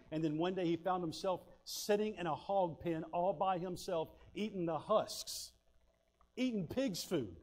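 A male pastor with a fairly high voice preaches in a folksy, storytelling way. He swings between loud bursts and hushed asides as he drives his points home. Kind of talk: sermon with personal stories.

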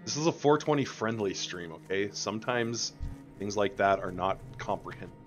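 A man's voice: on the low side, normal speed, faint music behind. A young adult man streaming a game live, rambling and joking with his chat as he plays. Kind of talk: casual live-stream gameplay commentary.

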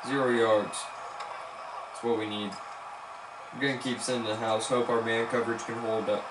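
A man giving live commentary on his football video game, excitedly cheering on and scolding his players as he plays. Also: mid-range voice, normal speed, long pauses. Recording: echoey room with background noise.

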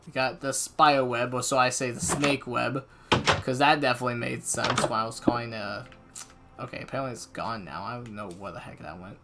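A woman hosting a gaming channel, giving let's-play commentary as she talks to herself and yells at the game. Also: rumbling low, steady tone, brisk. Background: game music.

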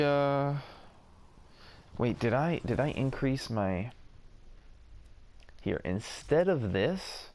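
A man in his middle register giving casual let's-play commentary. He talks at an unhurried pace, chatty and self-deprecating. His reactions come as mild exclamations rather than curses. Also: mid-range voice, big pitch swings, a little mellow. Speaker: gaming video host.

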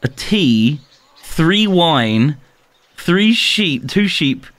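A man's voice: fairly high pitch, sing-song, very slow, a bit bright, no echo. A man in a casual gaming chat with friends, playful and giggly, rattling off lists with delight.

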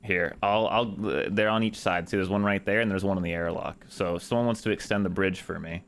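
A man's voice: sits low, fairly quick. A man streaming a game, chatting casually with friends and laughing often. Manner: laughs a lot, excitable. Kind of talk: casual gaming voice chat.

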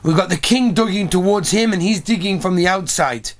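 A man's voice: high-pitched, brisk. A man, a rabbi, giving an earnest sermon on prayer, telling stories and building emphasis.

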